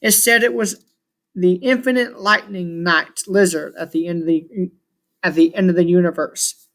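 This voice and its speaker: A man's voice: sits high, steady tone, moderate pace, fairly bright tone. A man reading aloud as a puzzled young female adventurer asking questions. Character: puzzled curious girl adventurer.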